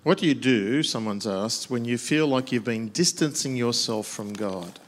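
A man's voice: mid-range voice, normal speed, a little hiss or hum. An older man, a pastor answering questions at a church Q&A in a plainspoken way with dry humorous asides.

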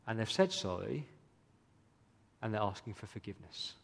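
In a church hall with long reverb, a pastor preaches a sermon in a low, creaky, animated voice at normal speed. Earnest and pleading, he asks his listeners many questions.

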